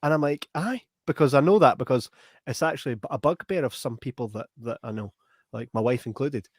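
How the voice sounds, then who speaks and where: A man's voice: mid-range voice, a little fast, no echo, studio quality. A young Scottish man hosting a podcast, telling a long story in a casual, rambling way and often tagging on "right?". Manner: animated, rambling, repeats "right?". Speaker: podcast host.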